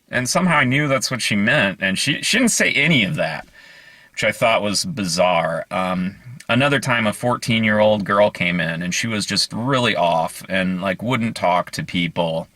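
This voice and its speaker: Earnest, meandering man with a bright voice. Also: mid-range voice, expressive, normal speed, no echo. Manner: meandering, earnest, hesitant with fillers. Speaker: vlogger. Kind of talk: casual storytelling to camera.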